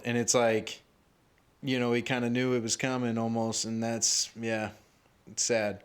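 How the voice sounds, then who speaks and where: A man who does stand-up comedy, chatting casually on a podcast, rambling with lots of fillers and jumping into animated quoted voices. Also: a little slow, clear, resonant tone. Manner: rambling, filler-heavy, acts out quotes with rising pitch.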